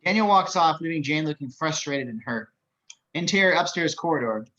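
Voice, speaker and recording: A man reading stage directions as narrator, brisk and matter-of-fact. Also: fairly high pitch, expressive, bright, forceful tone, muffled recording.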